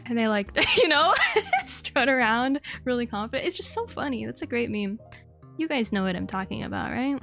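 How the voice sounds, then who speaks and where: A young woman with a high voice chats casually on her VTuber stream. She giggles often and swears freely as she reads chat. Faint music plays behind her. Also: animated, normal speed, vocal fry, pushed and bright. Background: faint background music.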